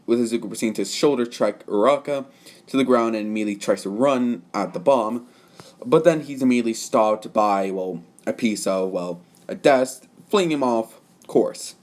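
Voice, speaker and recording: A man's voice: medium pitch, moderate pace, a little mellow. A young man narrating a fan story off the cuff, rambling with many fillers and self-corrections.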